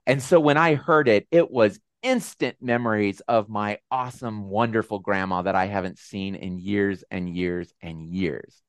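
A man hosting a video call with supporters, telling a personal story in a casual, animated, self-deprecating way. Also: on the low side, normal speed, hardly any pauses, smooth, no echo, studio quality. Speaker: host. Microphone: video call mic.

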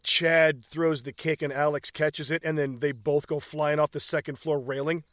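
Male podcast co-host, dry close sound, slightly high voice, profane scene recaps. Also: flat delivery, normal speed, a bit bright, dry recording. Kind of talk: casual movie commentary chat.

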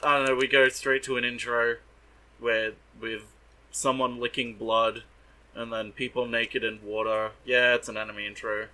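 A man's voice: medium pitch, little pitch movement, moderate pace, sharp tone, low-quality recording. A man co-hosting a podcast, recapping an anime in a sardonic, swearing, casual way and mocking the characters in put-on voices. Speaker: podcast co-host.

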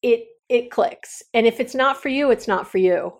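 A woman's voice: a little high, moderate pace. A woman hosting her own podcast, talking candidly and from the heart, with frequent restarts and trailing thoughts. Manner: earnest, heartfelt, meandering with many restarts. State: near tears. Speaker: podcast host. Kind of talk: candid solo podcast talk.

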